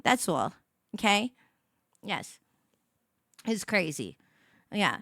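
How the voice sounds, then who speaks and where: A woman's voice: mid-range voice, sing-song, drawn-out words, creaky, long pauses, fairly bright tone, dry recording, studio quality. A woman hosting a casual morning livestream, rambling and giggling as she chats with viewers and her dog. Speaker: livestream host.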